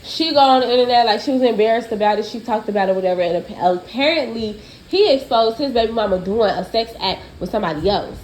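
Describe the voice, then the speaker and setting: A woman's voice: fairly high pitch, fast talker, few pauses, slight background noise, low-quality recording. Blunt, profane woman gossip vlogger. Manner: blunt, profane, animated talk. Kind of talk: casual gossip commentary.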